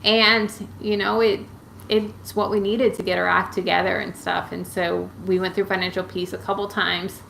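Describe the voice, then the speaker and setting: A woman's voice: medium pitch, level tone, moderate pace, creaky, a bit bright, a little hiss or hum, low-quality recording. Chatty woman answering live chat. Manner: chatty, rambling, many fillers and restarts. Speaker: YouTuber answering viewer questions. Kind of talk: casual live-stream chat.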